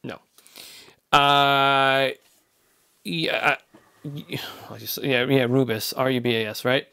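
A man's voice: medium pitch, steady tone, takes it slowly, vocal fry, pushed and bright, clean tone, no echo. A man co-hosting a podcast in casual, teasing banter, often restarting his words. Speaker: podcast co-host.

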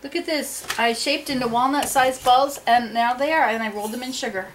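A woman's voice: high-pitched, fairly quick, fairly bright tone. A mother chatting casually with her family while she bakes at home and explains each step. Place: home kitchen. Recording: echoey room, voice from a distance, faint background hum.

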